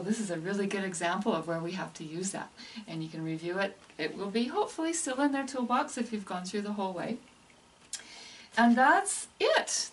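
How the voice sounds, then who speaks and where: A woman's voice: a little high, far from the mic, a little hiss or hum. A woman explaining how to teach piano pieces and slurs to other teachers, in a chatty instructional way. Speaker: music teacher trainer. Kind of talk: casual instructional walkthrough.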